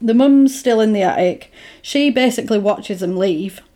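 A woman's voice: fairly high pitch, normal speed, warm tone. Chatty woman retelling a film. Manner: chatty retelling with lots of "like" and "basically", acting out characters' lines. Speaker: podcast co-host recapping a film. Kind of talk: casual chat.

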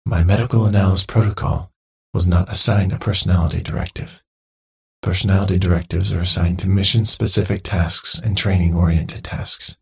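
A man voicing a male training robot that talks in stiff, clinical phrases, with a husky, creaky voice. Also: sits low, fairly even intonation, a little fast, heavily acted. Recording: dry close mic, faint music.

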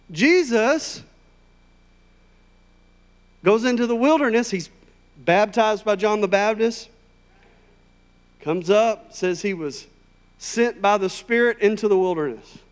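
A man preaching a sermon in a conversational, emphatic way, rising to loud, high peaks. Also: expressive, slow pace, long pauses, smooth. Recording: long hall reverb.

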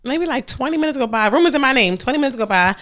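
A young adult woman hosting a podcast, telling a story in casual chat, animated and full of profanity. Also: high voice, racing. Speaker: podcast host.

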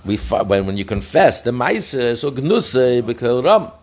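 Lively male Talmud teacher. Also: mid-range voice, a little slow. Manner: explains and translates each phrase, self-correcting. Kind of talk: daily page study lesson.

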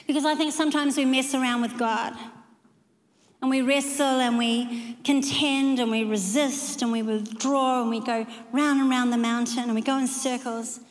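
A woman delivers a sermon with a high, bright voice, leaning hard into emphasis and acting out the quoted lines. Her voice rings through a large hall with a long, trailing reverb. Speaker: preacher.

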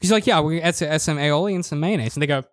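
A man's voice: fairly high pitch, racing, dry recording, studio quality. A man in casual chat, ranting with swearing and acting out both sides of a shop exchange.

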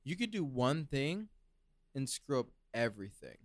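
A man's voice: mid-range voice, very animated, normal speed, no echo, studio quality. A man co-hosting a casual podcast, teasing and cutting in with emphatic remarks. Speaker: podcast co-host. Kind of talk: casual chat.

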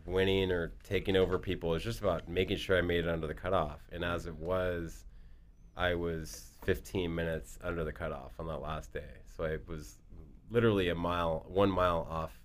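A man's voice: deep voice, fairly even intonation, a little fast, slight background noise. A man chatting casually as a guest, telling a long story with lots of fillers and restarts. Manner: rambling, with many fillers and restarts.

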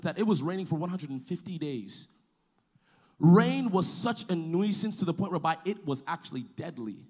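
A man preaching a sermon to his church, calling for responses and building to loud, sung-out climaxes. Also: a little high. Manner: preaching with call-and-response, swelling to shouts. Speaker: pastor.

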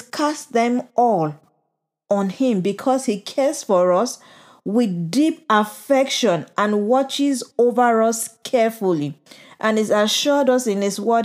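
A woman's voice: fairly high pitch, a little mellow. Woman preaching an emphatic devotional. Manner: slow, emphatic, encouraging delivery with repetition. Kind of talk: devotional sermon.

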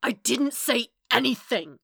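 A woman's voice: mid-range voice, unhurried, no echo, clean studio sound. A woman reading as a curt, defensive young android man. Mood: angry. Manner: curt flat denials, snapping into anger.

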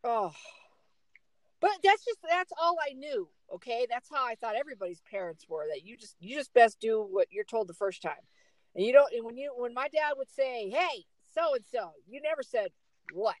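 A middle-aged woman telling a story in casual chat, emphatic and animated. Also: normal speed, dry recording, low-quality recording. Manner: animated, emphatic storyteller with big swings in pitch.

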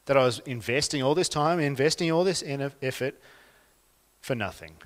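A man with an Australian accent preaching a sermon, swinging from quiet, reflective lines to loud, emphatic ones. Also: medium pitch, in a large hall. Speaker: pastor.

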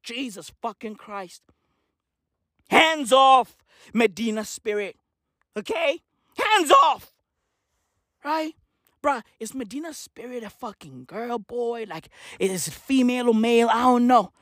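A comedian delivering a manic, profane rant that swings between shouting and muttering. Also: mid-range voice, a little slow, no echo, studio quality.

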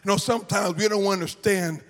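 A male pastor preaching a sermon live in a church, chanting in a sing-song way that climbs into shouts. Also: high-pitched, steady tone, fairly quick. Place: church sanctuary. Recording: live church hall with reverb and faint music.

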